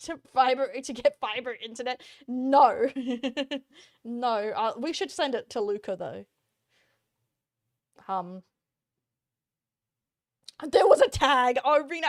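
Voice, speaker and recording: Australian woman, young adult, VTuber streamer, casual reaction chat, blunt, profane, giggly, somewhat high-pitched. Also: lively intonation, slow, pauses often, no echo. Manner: blunt, profane, laughs often.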